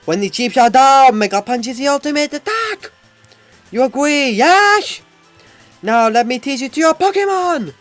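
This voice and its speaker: A man voicing a boastful karate master in a mock Japanese accent, declaiming his lines loudly and theatrically. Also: extremely high pitch, dry recording, pitched above the performer's own voice, full character voice. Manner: loud, theatrical proclamations.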